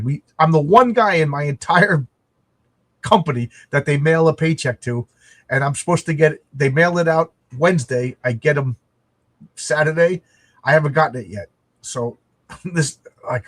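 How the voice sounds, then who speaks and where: A middle-aged American man co-hosts a podcast over a video call, his voice on the high side at a normal speed. He chats casually and rambles, restarting his sentences often.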